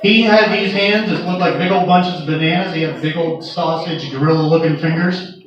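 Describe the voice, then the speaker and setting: A stand-up comedian with a fairly high voice, speaking at normal speed, tells crude stories about his work as a nurse, building each one toward its punchline. Captured from afar in an echoey live club, the dull, noisy audio includes audience laughter.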